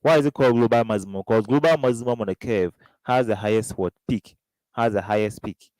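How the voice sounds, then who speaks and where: Brief: Ghanaian male tutor, lowish smooth voice, dry close sound, drills students with prompting questions. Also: a little fast, a little mellow, no echo, poor audio. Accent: Ghanaian English. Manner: question-and-answer drilling, keeps asking "what?". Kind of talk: exam revision lesson.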